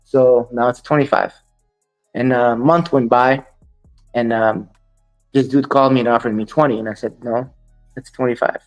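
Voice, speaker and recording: A man's voice: mid-range voice, steady tone, normal speed, long pauses, lo-fi sound. Guest interviewee: blunt male dog breeder, dismissive of critics, light music underneath. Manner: blunt, dismissive of critics, quotes others in dialogue. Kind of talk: storytelling interview.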